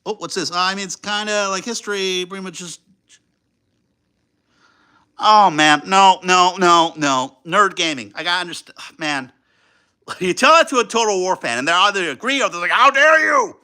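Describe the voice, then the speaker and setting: A young man hosting a livestream, chatting casually and rambling with lots of fillers and excited outbursts. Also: high-pitched. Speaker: livestream host.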